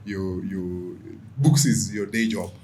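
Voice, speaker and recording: A man with a very deep voice hosts an interview, asking thoughtful questions in a halting way. He restarts his sentences often as he gathers his thoughts. Faint noise sits behind him. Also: steady tone, warm tone. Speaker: podcast host.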